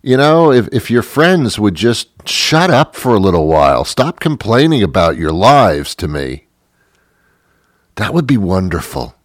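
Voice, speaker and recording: Older male radio host, very low and dry, sarcastic and grumpy, rambling delivery. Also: big pitch swings, unhurried, dry recording. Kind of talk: sarcastic solo radio monologue.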